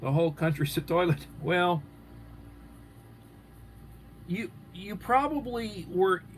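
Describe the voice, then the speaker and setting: A man's voice: high-pitched, lively intonation, slow pace, a little hiss or hum. A man hosting a live stream, chatting casually and rambling as he answers viewers' comments. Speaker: livestream host.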